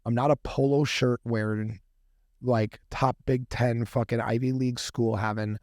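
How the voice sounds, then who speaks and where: Animated, swearing man in a dry studio. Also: medium pitch, normal speed, dry recording. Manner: animated, swears freely, acts out dialogue. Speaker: podcast guest, coffee company founder. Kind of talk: casual storytelling. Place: podcast studio room.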